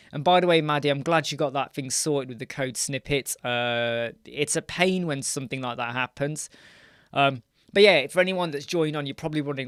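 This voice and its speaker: Guy hosting a live stream q&a, chatty, keeps saying hi to viewers, bit higher voice, dry sound. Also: fairly bright tone, clean tone, no echo. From United Kingdom. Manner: chatty, greets viewers mid-sentence, thinks aloud. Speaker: host of a live web design Q&A. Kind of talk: casual live-stream Q&A with screen demo.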